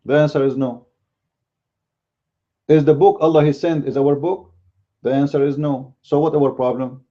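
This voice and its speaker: A man's voice: fairly high pitch, steady tone, moderate pace, mellow, dull audio. A man whose first language is Arabic, giving blunt, combative commentary as a Christian apologist in a casual video. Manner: blunt and combative, speaks bluntly by his own account.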